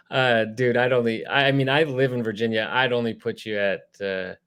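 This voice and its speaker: A man hosting a casual sports interview podcast, talking in a relaxed, rambling way with lots of fillers. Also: mid-range voice, normal speed, clear, resonant tone. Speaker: podcast host.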